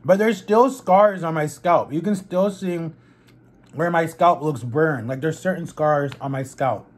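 A young man telling a personal story casually to camera while eating, animated and chatty. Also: fairly high pitch, measured pace. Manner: chatty, animated retelling with quoted voices. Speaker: vlogger.

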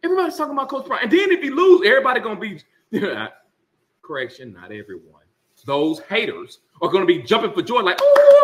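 A man's voice: fairly high pitch, pushed and bright. A man hosting a casual sports talk rant, emphatic and sarcastic with laughing asides. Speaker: sports commentary host.

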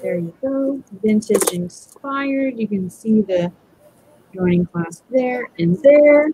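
A woman's voice: medium pitch, expressive, slow, mellow, a little hiss or hum, rough recording. A woman hosting a live jewelry auction stream, chatting casually as she describes each piece.

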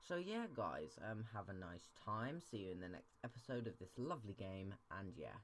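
A man giving jittery horror game commentary, keeps saying he is scared, his voice jumping high when startled. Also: very animated, moderate pace, a little hiss or hum. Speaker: gaming channel host. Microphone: desk microphone.

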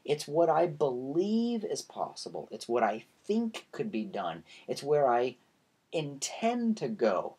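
A man leads a webinar as the author of his own book, talking directly to his listeners. His pitch swings lively up and down as he ticks off items in rhythmic lists. The voice has a slightly husky edge. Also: slow pace. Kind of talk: webinar lecture.

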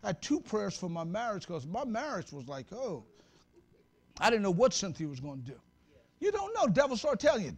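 Here a male pastor moves at a fairly quick clip through a lively sermon, his very high voice leaping up and down. He chats with the congregation as a friend would, mixing humor and sudden shouting in a relaxed, conversational church manner.

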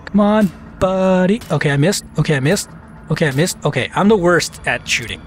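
A man's voice: a little high, animated, a little fast, soft background music. A man giving casual, self-mocking commentary while playing a shooter game, talking back to the enemies on screen. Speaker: let's play commentator.

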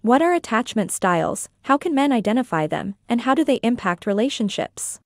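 Woman reading out interview questions, higher voice, dry sound. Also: big pitch swings, fairly quick, no echo.

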